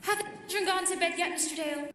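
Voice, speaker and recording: A woman's voice: very high voice, fast talker, pushed and bright. A woman playing a fond, doting elderly mother in an amateur stage play. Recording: echoey hall with faint noise.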